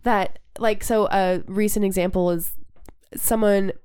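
A woman's voice: medium pitch, steady tone, measured pace, mellow, clear, resonant tone, no room sound, clean studio sound. A young woman co-hosting a casual podcast, talking candidly, swearing freely and full of fillers and restarts. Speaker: podcast co-host.

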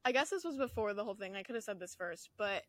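A young woman in college co-hosting a casual podcast chat, animated and laughing, swearing freely. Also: medium pitch, fast, dry recording. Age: young adult. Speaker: podcast co-host.

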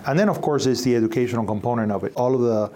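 A man co-hosting a podcast in casual chat, measured and speaking in long flowing points. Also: mid-range voice, dark tone. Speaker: podcast co-host.

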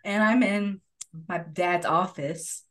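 A woman's voice: on the low side, slow. Chatty, anxious-sounding young woman. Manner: chatty and self-described anxious, rambling with restarts. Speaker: podcast co-host. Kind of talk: casual chat. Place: father's home office.

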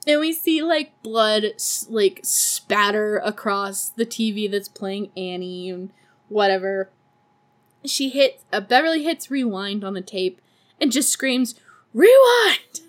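A woman's voice: mid-range voice, a little slow. A woman hosting a podcast, recapping a movie in casual chat with sarcastic, profane asides and frequent laughter. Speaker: podcast host.

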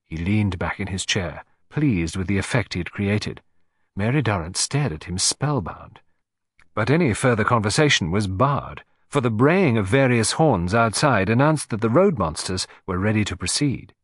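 A man narrating a classic detective story for an audiobook in a measured, expressive manner. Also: lowish voice, slightly rough, no room sound, studio quality. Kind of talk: scripted narration.

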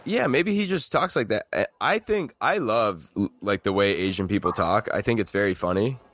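A man's voice: on the low side, expressive, moderate pace, a bit bright. A man talking about a movie in casual chat, rambling with many fillers and laughing often.

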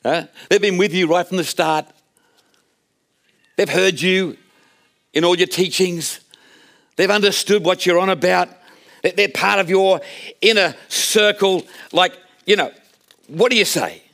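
A man's voice: high voice, measured pace, long pauses, fairly bright tone, pitched above the performer's own voice. Brief: ambitious mother sweet-talking for her boys, played by a male preacher mid-sermon. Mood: coaxing. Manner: wheedling, coaxing. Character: pushy mother pleading for her two sons.

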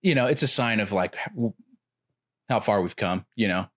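A man chatting casually about comedy, rambling with lots of filler words and getting animated when he retells jokes. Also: fairly low pitch, moderate pace. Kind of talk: casual chat.

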